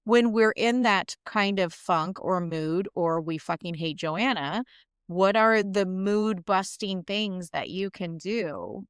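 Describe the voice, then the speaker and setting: A woman co-hosting a podcast, venting in frank, sweary casual chat. Her voice is smooth and clear at a middle pitch. The sound is close and dry. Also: expressive, takes it slowly, no room sound. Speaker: podcast co-host.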